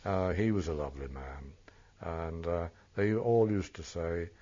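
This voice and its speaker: Very deep-voiced older man, hesitant. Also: measured pace, mellow. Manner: hesitant, full of ums and self-corrections. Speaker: oral history interviewee. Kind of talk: reminiscing in a recorded interview. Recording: muffled lo-fi recording.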